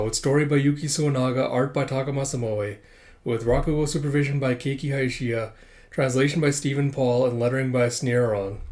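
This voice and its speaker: A man's voice: mid-range voice, a little mellow. A man hosting his own channel, casually recapping a manga chapter in a loose style full of "uh" and "like". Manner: loose, filler-heavy, with lots of "uh" and "like". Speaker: host of a manga review channel.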